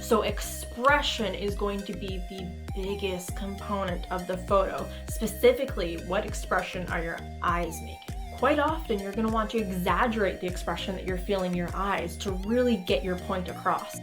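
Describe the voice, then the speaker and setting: A woman's voice: mid-range voice, moderate pace, few pauses, over music. A woman hosting a casual cosplay tutorial, talking to the camera in a playful, goofy way and acting out expressions.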